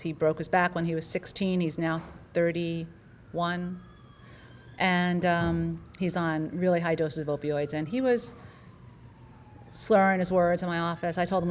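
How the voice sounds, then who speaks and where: A woman's voice: fairly low pitch, slight background noise. A middle-aged woman, a physician, earnestly telling an audience about a patient and acting out the dialogue. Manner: earnest storytelling with quoted dialogue. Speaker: physician speaker.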